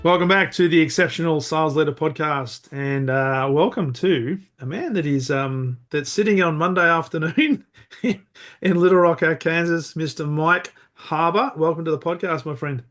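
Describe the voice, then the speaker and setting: Australian man hosting a podcast, slightly high voice. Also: moderate pace, a bit bright. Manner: friendly, chatty, says "mate" often, laughs easily. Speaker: podcast host. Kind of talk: conversational podcast interview.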